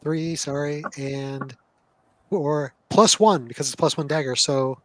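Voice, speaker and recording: A man's voice: fairly high pitch, a little slow, a crowd in the background, rough recording. A man playing a tabletop game, casually counting out his dice rolls. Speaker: player.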